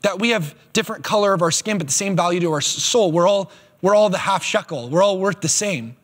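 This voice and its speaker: Husky high-voiced male preacher in reverb. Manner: animated, emphatic preaching with quick asides. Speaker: pastor. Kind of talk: sermon. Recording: long hall reverb.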